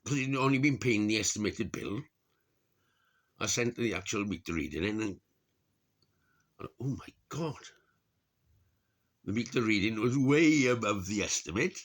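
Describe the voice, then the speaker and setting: A middle-aged Welsh vlogger rambles and grumbles to camera, swearing a lot and laughing at his own remarks. His lowish voice has lively intonation at normal speed, and he pauses often in this casual monologue.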